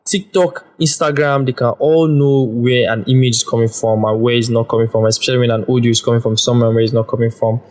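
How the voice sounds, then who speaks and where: A man talking casually on his own podcast, a rambling storyteller who drifts between explanation and anecdote. His voice sits at an ordinary pitch for a man, relaxed and conversational. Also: fast talker, few pauses. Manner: rambling storyteller, chatty with fillers. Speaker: podcast host. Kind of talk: casual solo podcast monologue.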